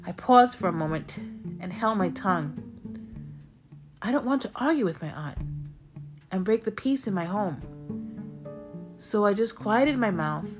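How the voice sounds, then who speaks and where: A woman narrating a personal story in a gentle, earnest, reflective way. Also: medium pitch, lively intonation, measured pace, pauses often, over music.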